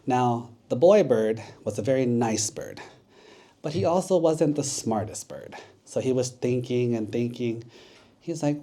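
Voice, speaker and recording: A man's voice: medium pitch, expressive, a little slow, dark tone. A man, a Buddhist monk, telling a children's story in a casual, conversational way.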